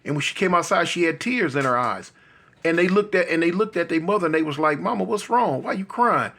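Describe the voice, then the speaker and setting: A man spins a long tale in a relaxed, conversational voice, sitting somewhat high for a man. He keeps checking in with his listener as he goes. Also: fast talker. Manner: loose, conversational, frequent asides to the listener. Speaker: storyteller. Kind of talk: casual street storytelling.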